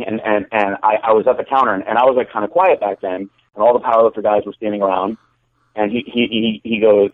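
A man's voice: on the low side, dry recording. Man telling stories over a phone-like line. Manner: rambling, repeats words when starting sentences. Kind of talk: casual storytelling chat. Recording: dry, phone-like call audio.

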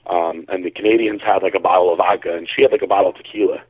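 A man from Connecticut, a bodybuilder, telling a story in a relaxed, rambling way on a call-in show, heard over a tinny phone line. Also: sits low, racing, husky, dry recording. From Connecticut, USA. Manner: relaxed, rambling, lots of fillers. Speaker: bodybuilder and caller.

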